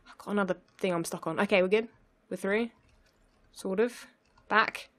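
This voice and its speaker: A woman's voice: medium pitch, normal speed. A young woman narrating her own gameplay, flustered and laughing as she talks herself through it. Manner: flustered, self-talking, laughs often. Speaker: let's play gamer. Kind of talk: live gameplay commentary.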